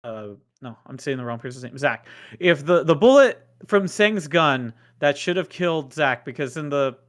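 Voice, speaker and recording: A man's voice: on the high side, expressive, moderate pace. A man co-hosting a podcast, rambling with hesitations and acting out bits of dialogue. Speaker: podcast co-host. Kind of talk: casual podcast chat.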